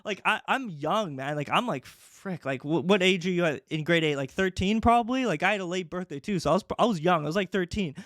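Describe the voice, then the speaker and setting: Chatty young man, slightly high voice. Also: fast talker, hardly any pauses, a bit bright, dry recording, clean studio sound. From Canada. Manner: chatty, many fillers. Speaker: podcast host. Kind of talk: casual storytelling.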